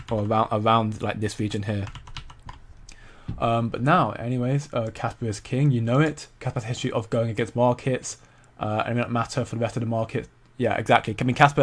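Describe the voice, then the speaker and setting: Steady and mid-range, this young crypto channel host's voice moves fairly quickly. He reads out viewer comments on his casual commentary stream, rambling, stumbling often and repeating words.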